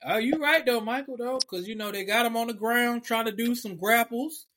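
A man with a notably high voice riffs through a casual sports podcast. He jokes around and acts out how players might have reacted. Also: moderate pace, bright, forceful tone. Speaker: podcast co-host.

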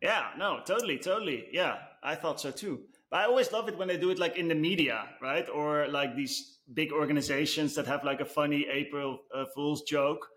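A man's voice: fairly high pitch, fairly quick, few pauses. Rambling, easygoing man on a podcast. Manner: relaxed, rambling, many fillers like "you know". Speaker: podcast co-host. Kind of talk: casual chat.

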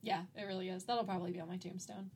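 A woman's voice: fairly low pitch, steady tone, very fast, darkish tone, a little hiss or hum. A young adult woman hosting a podcast, chatting casually and laughing often through her sentences. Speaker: podcast host. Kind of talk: casual chat about a movie.

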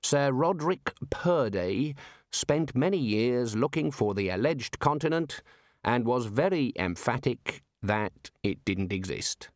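A man voicing a fussy, bookish male wizard who speaks slowly and deliberately. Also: medium pitch, lively intonation, dry recording, studio quality, natural voice. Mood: pedantic.

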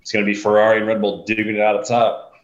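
A man's voice: on the low side, completely flat delivery, rapid-fire. A man co-hosting a podcast in casual chat, making laid-back, shrugging remarks. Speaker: podcast co-host. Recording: echoey, muffled remote mic.

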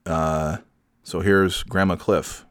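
Low-voiced rambling male podcast host. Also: little pitch movement, slow, clear, resonant tone, no echo. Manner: rambling, trailing off, lots of fillers. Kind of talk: rambling comedic monologue.

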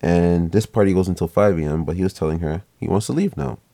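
Deep-voiced young man telling a story. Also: fast talker, gravelly. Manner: relaxed, rambling, swears casually, acts out quotes. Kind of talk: casual storytelling to camera.

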